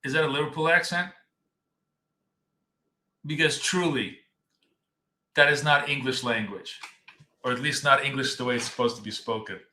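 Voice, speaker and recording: A man's voice: medium pitch, steady tone, normal speed, long pauses, bright, forceful tone. A man hosting a live trading stream, chatting casually and rambling as he talks straight to his viewers. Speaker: trading coach and stream host. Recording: echoey room.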